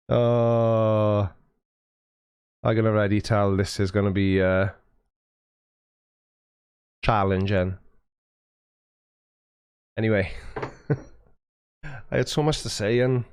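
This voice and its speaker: A man's voice: fairly low pitch, darkish tone, smooth, dry recording, clean studio sound. A man hosting a casual livestream, chatting and joking with viewers while he fiddles with his settings into a mic with a foam windscreen. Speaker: livestream host. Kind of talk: casual livestream chat reading viewer messages. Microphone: studio mic with a foam windscreen.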